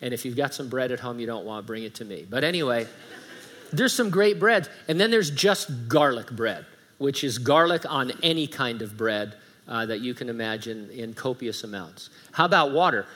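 A man's voice: medium pitch, animated, normal speed, a bit bright. Middle-aged male pastor, conversational sermon delivery, emphatic scripture reading, light humor. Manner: conversational preaching with humorous asides; reads scripture aloud with emphasis.

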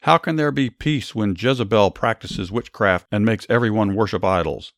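A man's voice: lowish voice, moderate pace, dry recording, clean studio sound, natural voice. A man reading as a blunt, ruthless army commander. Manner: blunt, dismissive.

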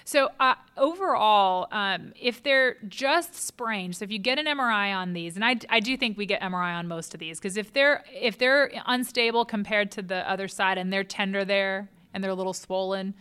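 A woman's voice: mid-range voice, moderate pace, few pauses, sharp tone, clean tone. A woman in her thirties, a hand surgeon, explaining treatment in a relatable, knowledgeable way with frequent fillers. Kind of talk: clinical explanation in an interview.

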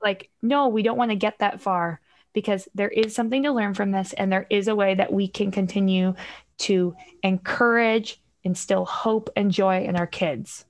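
This middle-aged woman talks things through as a podcast guest, reflective and earnest. She sits at a middle pitch for a woman and acts out everyday examples as she goes. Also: normal speed. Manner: reflective, explains with lively acted-out examples. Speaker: guest expert on parenting emotions. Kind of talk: casual podcast conversation.

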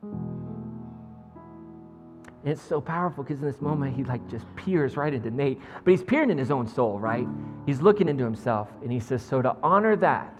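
A male pastor preaching a sermon, retelling a story in an animated way with frequent chuckles. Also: medium pitch, moderate pace, long pauses. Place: church. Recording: long church reverb, faint music.

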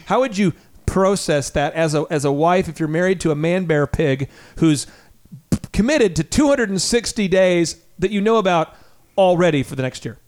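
A man's voice: sits high, animated, normal speed, darkish tone. A male radio show host who talks energetically and emphatically, speaking straight to his listeners. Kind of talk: radio talk show interview.

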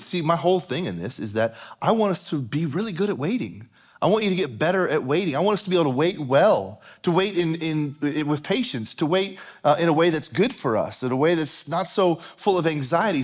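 A man preaching a sermon as a pastor, conversational and repeating phrases for emphasis. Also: a little high.

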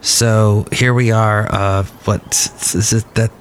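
A man's voice: on the low side, little pitch movement, slow pace, a little hiss or hum. A man in his fifties hosting a podcast, rambling casually and poking fun at himself. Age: 50s. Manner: rambling, self-deprecating. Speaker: podcast host. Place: cafe.

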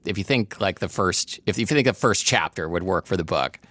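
Deep-voiced sarcastic podcast co-host. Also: animated, a little fast, fairly bright tone, no room sound. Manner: sarcastic, joking interjections. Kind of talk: casual chat.

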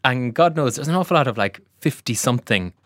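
A man's voice: medium pitch, animated, quick pace, dry recording, clean studio sound. A man co-hosting a casual chat, giving strong opinions with a few stumbling restarts. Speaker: co-host.

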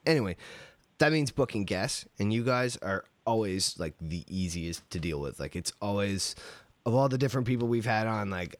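A man's voice: deep voice, no echo. A man hosting a podcast in casual chat, loose and full of fillers, asking eager questions. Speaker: podcast host.

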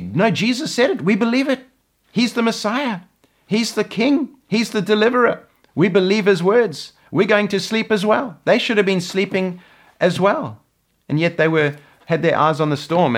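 Earnest man preaching a Bible study. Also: on the high side. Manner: earnest, repeats words when stressing a point. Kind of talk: Bible teaching sermon.

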